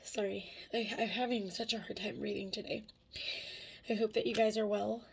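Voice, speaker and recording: Woman vlogger, thirties, gravelly husky voice, emotional rambling chat. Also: mid-range voice, fairly even intonation, moderate pace. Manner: emotional, rambling, frequent fillers. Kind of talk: casual catch-up vlog.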